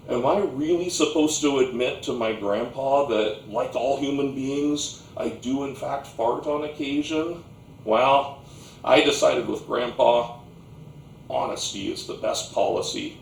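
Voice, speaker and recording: A man tells a comic story on stage at an unhurried, deliberate pace. His voice carries from a distance across a roomy theatre, with a faint hiss underneath. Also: medium pitch, creaky. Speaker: stage actor performing a monologue.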